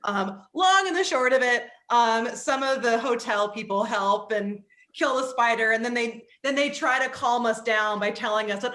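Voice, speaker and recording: A woman with a bright, fairly high voice tells an anecdote as an interview guest. She is animated and drops "like" every few words. The sound is echoey, with a roomy ring around her. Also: normal speed, hardly any pauses. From East Coast of the United States. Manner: animated, frequent "like" fillers. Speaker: author and psychologist, interview guest. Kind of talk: casual storytelling in an interview.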